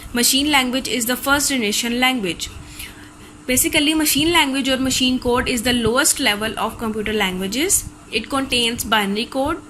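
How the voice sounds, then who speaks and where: A woman's voice: fairly high pitch, bright, forceful tone, a little hiss or hum, low-quality recording. A woman teacher with a Pakistani accent, reading a recorded class lecture steadily from textbook notes.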